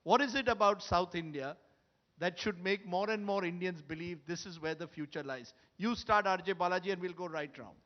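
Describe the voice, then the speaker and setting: A man moderating a conference panel, brisk and pressing speakers for quick answers. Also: sits high, highs cut off. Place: conference hall stage.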